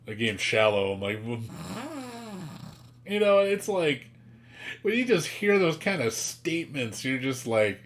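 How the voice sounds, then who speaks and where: A man's voice: on the high side, sing-song, unhurried, long pauses. Male streamer, casual exasperated rant, profane, mimics others mockingly. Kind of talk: casual chat.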